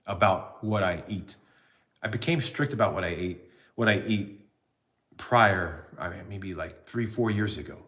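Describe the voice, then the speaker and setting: Rambling New man live-streaming. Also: lowish voice. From New Jersey. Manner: rambling, self-mocking, jumps into excited put-on voices. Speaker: vlogger doing a live stream. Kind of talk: casual live-stream chat.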